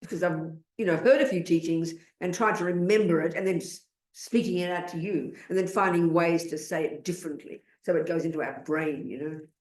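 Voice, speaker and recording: A woman with an Australian accent giving a Buddhist dharma talk in an animated, blunt and emphatic way. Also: fairly low pitch, brisk, reverberant. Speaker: Buddhist teacher.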